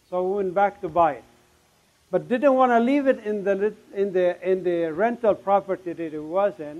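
A middle-aged man with a notably high voice tells his life story from a stage. He is emphatic, voices both sides of old conversations and sinks to a hush at tense moments. The recording sounds dull and lo-fi. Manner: emphatic, with sudden drops to a hush. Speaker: speaker giving a testimony. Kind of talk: dramatic storytelling testimony.

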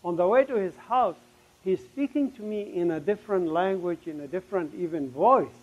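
A middle-aged man with a notably high voice tells his life story from a stage. He is emphatic, voices both sides of old conversations and sinks to a hush at tense moments. The recording sounds dull and lo-fi. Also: animated, a little fast, slightly rough. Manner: emphatic, with sudden drops to a hush. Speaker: speaker giving a testimony. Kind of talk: dramatic storytelling testimony.

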